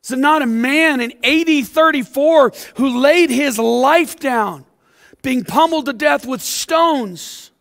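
A male pastor delivers an impassioned sermon, his high voice carrying a gravelly rasp. He swings from loud, fired-up passages to hushed ones. His words ring out with a long reverb in a big church sanctuary. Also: takes it slowly.

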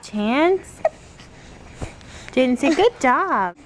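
A woman's voice: sits high, animated, slow pace, long pauses. A young woman vlogging casually, chatting and playing with her toddler in a sing-song way. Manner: chatty, playful baby talk with her toddler. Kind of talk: casual family vlog.

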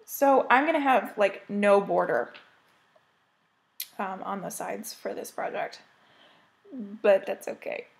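Chatty American woman with creaky voice. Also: mid-range voice, slow pace, pauses often. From United States. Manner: chatty, rambling, gushing. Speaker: cross-stitch vlogger. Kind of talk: casual show-and-tell chat.

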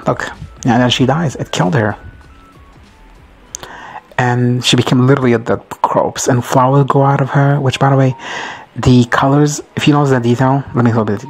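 A man casually recapping a TV episode, rambling, swearing and excitable. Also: mid-range voice, normal speed, breathy edge, soft background music. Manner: rambling, profane and excitable, often laughing. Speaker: video host reacting to a TV show.

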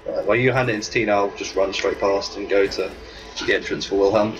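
A man giving casual let's-play commentary over a video game, excitable and joking, swearing casually. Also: on the low side, fast, far from the mic, dull audio. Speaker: gameplay commentator. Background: game music.

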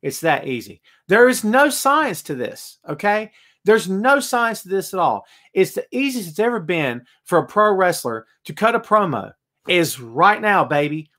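A man hosting a wrestling talk show, ranting in an animated, excitable way and answering chat messages. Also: sits high, unhurried. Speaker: wrestling podcast host. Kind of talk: live show, reading chat comments.

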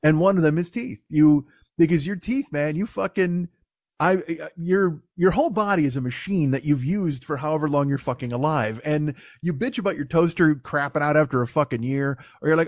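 A man with a high voice hosts a comedy podcast, riffing in a long, profane, rambling monologue. The recording is dry and close, with no room sound. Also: lively intonation, fairly quick, no echo. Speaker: podcast host.

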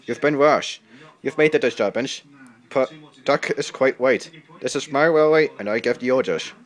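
A stern railway boss, played by a man in a storybook reading. He speaks firmly and with command, a little louder and higher than the narration. He sounds like a man who gives the orders. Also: quick pace, natural voice. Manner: firm and commanding. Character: stern male railway controller.

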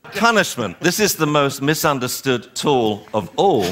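A man lecturing a seminar on dog training, animated and wryly exasperated, acting out owners and dogs as he goes. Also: mid-range voice, unhurried.

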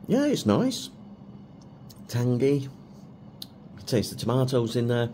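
A man's voice: medium pitch, sing-song, unhurried, warm tone, a little hiss or hum. A middle-aged man reviewing food for his vlog in a chatty, self-mocking way with chuckles. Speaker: food vlogger.

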